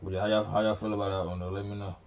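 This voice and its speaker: A man's voice: lowish voice, level tone, rapid-fire. A young man hosting a reaction video, chatting casually with his viewers and laughing often. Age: young adult. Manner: laid-back, talks to viewers, laughs often. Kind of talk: casual chat.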